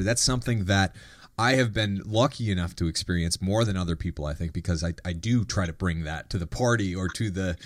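A man's voice: low voice, no echo. Reflective man hosting, dry sound. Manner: reflective, thoughtful, with restarts. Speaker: podcast host. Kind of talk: conversational interview.

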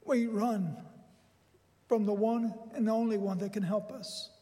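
An older man preaches in a church, mixing scripture with a folksy personal story. His voice sits very high for a man, and it rises into excited bursts as the tale builds. The sound carries a long reverb from the large sanctuary. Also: unhurried. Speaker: pastor.

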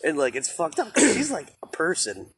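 A man's voice: fairly high pitch, wildly swooping pitch, normal speed, fairly bright tone, a little hiss or hum. A young man co-hosting a podcast in casual chat, laid-back and crude, joking and laughing often. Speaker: podcast co-host.

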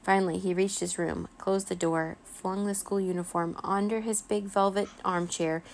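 A woman reading a children's chapter book aloud as a bedtime story, in a gentle, expressive way. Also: medium pitch, moderate pace, creaky, a little hiss or hum.

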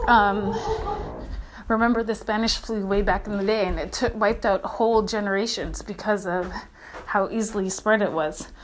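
A woman chatting on a walking vlog outdoors by a creek, rambling and excitable, a little out of breath from walking. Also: fairly high pitch, slight background noise. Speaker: vlogger.

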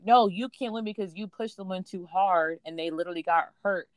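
A woman's voice: lowish voice, a little fast, no echo. A woman, co-hosting a podcast and chatting about a reality show, opinionated and acting out other people's quotes. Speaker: podcast co-host. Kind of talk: casual chat recapping a reality show.

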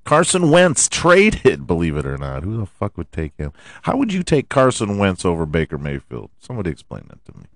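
A man hosting a podcast, hoarse from allergies and often clearing his throat, ranting about football with lots of swearing and rhetorical questions. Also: deep voice, huge pitch swings, brisk. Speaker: podcast host. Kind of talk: casual sports rant.

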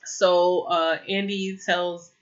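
This young woman's voice is fairly low and barely moves in pitch, and she talks extremely slowly. Her casual TV episode recap wanders, packed with "like" fillers and irritated opinions, recorded in slightly muffled lo-fi sound.

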